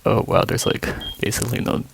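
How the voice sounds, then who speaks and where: A man hosting a let's play, musing in a relaxed way as casual gameplay commentary. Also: a little fast, noisy background.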